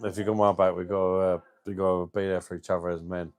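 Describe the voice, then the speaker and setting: A man's voice: sits low, little pitch movement, fast talker, slight background noise. A man hosting a casual livestream, chatting with viewers in a matey, open and sometimes emotional way. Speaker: livestream host.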